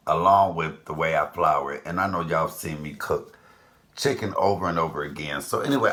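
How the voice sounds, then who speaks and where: A man's voice: low-pitched, fairly bright tone, slight background noise. A man in his fifties hosting a casual cooking vlog, chatting to viewers with rambling asides. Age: 50s. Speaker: cooking channel host.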